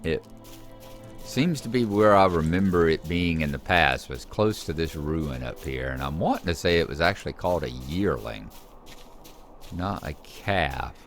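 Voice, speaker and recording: A man's voice: a bass voice, lively intonation, normal speed, soft background music. A man chatting casually through his gameplay and teasing the characters on screen. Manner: chatty, talks to the game characters. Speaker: gameplay host.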